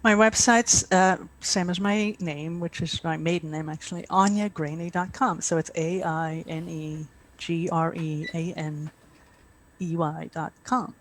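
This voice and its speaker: A woman's voice: lowish voice, fairly even intonation, unhurried, poor audio. Irish woman telling stories. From Ireland. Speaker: author guest. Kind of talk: casual interview chat.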